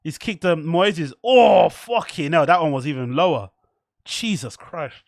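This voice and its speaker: A man's voice: fairly high pitch, measured pace, gravelly, no echo, studio quality. A young man, hosting a casual live stream, reacting to chat and a fight, swearing and laughing often. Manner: excitable, swears a lot, laughs often, mock French bits.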